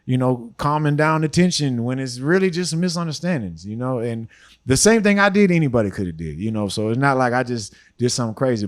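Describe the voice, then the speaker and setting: A man in his forties with an easy drawl, rambling through stories as a podcast guest. His voice sits at a middle pitch, neither deep nor high. He talks in loose, relaxed runs, often dropping in "you know.". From Houston, Texas. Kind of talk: storytelling interview talk.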